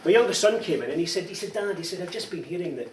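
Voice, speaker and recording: Racing along in a high-pitched voice, this middle-aged man from Scotland tells teasing stories as part of a comic after-dinner speech. He's in a large dining hall, and the audio comes from a distant microphone, full of echo and background noise.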